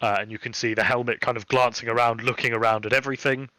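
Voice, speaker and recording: Bright-voiced male game master. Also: mid-range voice, flat delivery, fast talker, no room sound. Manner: casual, with many fillers. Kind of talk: narrating a tabletop game.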